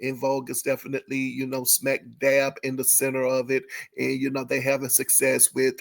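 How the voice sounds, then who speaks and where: Chatty man with a gravelly voice. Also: mid-range voice, completely flat delivery, fairly quick. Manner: chatty, with frequent fillers and self-corrections; prone to amused laughter. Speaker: entertainment commentary host. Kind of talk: casual commentary.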